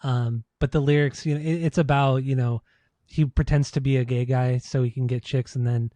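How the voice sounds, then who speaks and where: Mellow, rambling podcast co-host man. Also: medium pitch, moderate pace, no room sound. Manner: relaxed, rambling, filler-heavy. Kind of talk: casual chat.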